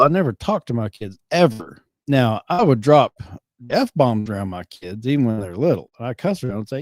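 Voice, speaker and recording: A middle-aged man hosting a podcast, chatting casually in a rambling, halting way, often correcting himself mid-sentence. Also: medium pitch, sing-song, a little mellow, no echo, clean studio sound. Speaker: podcast host. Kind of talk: casual chat.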